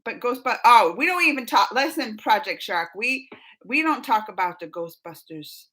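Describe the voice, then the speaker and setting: Bright, high-pitched, excitable woman streamer. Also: moderate pace. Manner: excitable, laughs often, squeals with enthusiasm. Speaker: streamer hosting a live chat. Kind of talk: casual live-stream chat reading viewer comments.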